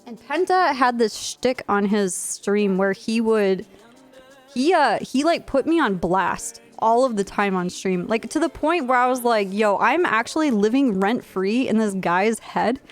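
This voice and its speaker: A woman's voice: fairly high pitch, animated, a little slow, faint music behind. A woman streamer in her twenties tells a blunt, profane, rambling story, full of fillers, in casual chat. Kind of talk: casual storytelling while live streaming a game.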